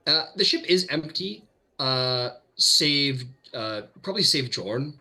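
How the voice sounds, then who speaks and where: A man's voice: mid-range voice, expressive, takes it slowly, sharp tone. A man narrating as game master of a tabletop game, loose and full of fillers.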